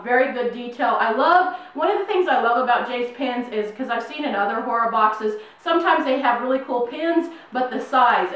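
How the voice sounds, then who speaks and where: Her voice sits on the high side with a bit of brightness. The middle-aged woman is hosting a relaxed horror unboxing video for YouTube at home in New Mexico, gushing away with lots of fillers, recorded on a far-off mic in a very echoey room.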